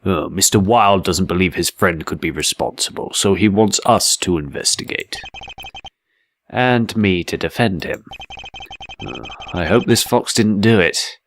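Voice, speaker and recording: A man voicing an earnest young male defense lawyer in a slightly lowered tone. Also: a little slow, dry recording. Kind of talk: let's play voice acting.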